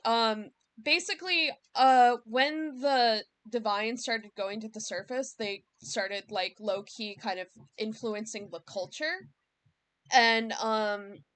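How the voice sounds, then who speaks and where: Slow, rambling high-voiced woman. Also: fairly bright tone. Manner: rambling, thinking aloud, circling back to rephrase. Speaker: streamer and series creator. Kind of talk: casual livestream chat.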